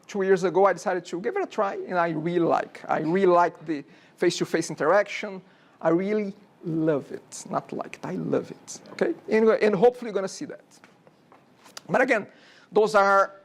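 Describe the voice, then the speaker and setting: In a classroom, a college instructor in his forties lectures with a Brazilian Portuguese accent and a high voice. His chatty, wandering talk is frequently interrupted by "okay?" as he checks with students.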